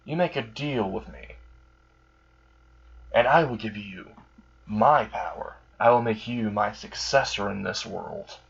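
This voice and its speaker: A man's voice: lowish voice, a little slow, creaky, pauses often, slightly rough, full character voice. A man voicing an amused, menacing male demon in a suit, sly and politely taunting. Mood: dealmaking. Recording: dull lo-fi recording.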